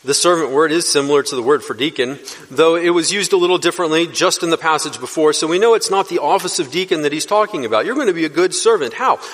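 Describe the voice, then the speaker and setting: A man's voice: on the high side, fast talker, hardly any pauses, a bit bright. A man preaching an expository sermon as pastor, teaching earnestly and lifting his voice to stress key words. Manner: earnest teaching, rising for emphasis. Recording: long reverb of a church hall.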